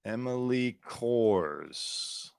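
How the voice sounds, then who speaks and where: A man's voice: mid-range voice, extremely slow, vocal fry, clear, resonant tone, dry recording, studio quality. A man hosting a commentary show, sarcastically mocking a news clip and laughing. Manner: sarcastic, laughing, animated mockery. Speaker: show host.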